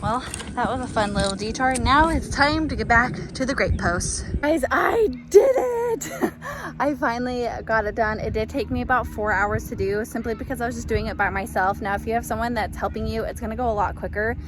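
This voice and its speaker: A woman, chatting casually and excitably with lots of ums while she does a backyard gardening how-to. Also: fairly high pitch, a little fast, few pauses. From Texas. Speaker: gardening vlogger. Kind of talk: casual outdoor how-to vlog. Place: outdoors in a backyard. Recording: outdoor noise behind the voice.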